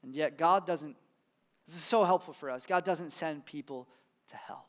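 A man's voice: a little high, moderate pace. A man, a pastor, preaching a sermon in a conversational, emphatic way with casual asides.

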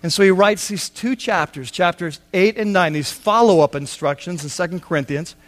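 A man's voice: sits high, normal speed, fairly bright tone. A man preaching a sermon on a Bible passage, talking conversationally with asides and acted-out quotes. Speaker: pastor.

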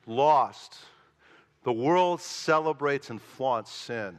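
Male preacher, animated delivery, bright tone, reverberant hall. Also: medium pitch, a little slow. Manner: animated storytelling, rising loud for emphasis, quiet in prayer. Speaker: pastor. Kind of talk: sermon.

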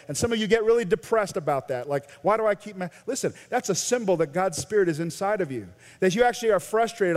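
A long reverb from a large sanctuary surrounds this American pastor as he preaches to his congregation. His high voice moves fairly quickly with hardly any pauses, animated as it climbs to loud emphasis and falls to quiet intensity in the sermon.

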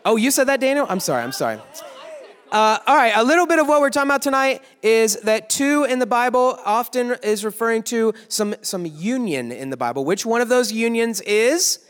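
A young man giving a joking youth sermon, teasing the crowd with quick asides in a large worship hall. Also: extremely high pitch, animated, a bit bright, clear, resonant tone. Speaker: youth pastor. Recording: echoey hall.

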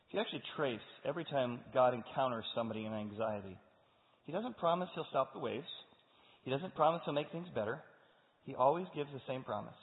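A man in his forties preaching a sermon, telling the story with animated energy and acting out the characters. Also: mid-range voice, fairly quick. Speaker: pastor. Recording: echoey hall over a tinny phone-like line.

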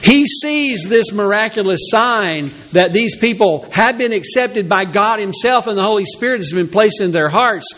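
A man's voice: moderate pace, hardly any pauses. A man preaching a sermon as pastor, who acts out voices of the people in his story. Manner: animated preaching, acts out Peter's reluctant excuses in a high voice.

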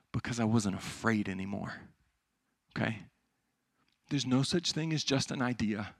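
Young male pastor, bright tense voice, dry close sound, emphatic sermon delivery that swings loud to hushed. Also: mid-range voice, no room sound.

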